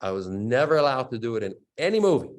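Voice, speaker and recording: A man in his fifties, an action actor guest, telling stories in a lively way, acting out sound effects and often laughing as he talks. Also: medium pitch, fast. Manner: animated storyteller acting out quotes and sound effects. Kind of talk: casual storytelling interview.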